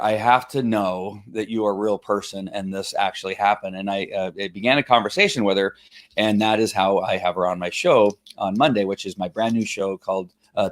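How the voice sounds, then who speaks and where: Lower-voiced man hosting a rambling live stream. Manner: rambling, halting, many fillers and restarts. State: choked up. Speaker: host of a Facebook Live show. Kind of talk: casual live-stream talk, reading a testimonial aloud.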